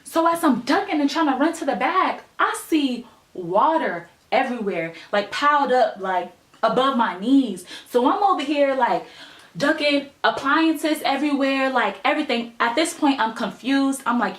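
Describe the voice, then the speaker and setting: A woman's voice: a little high, normal speed, roomy sound. A young woman, telling a personal story in casual vlog style with lots of emphasis and filler words. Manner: animated, emphatic storytelling with many "like" and "right?" fillers.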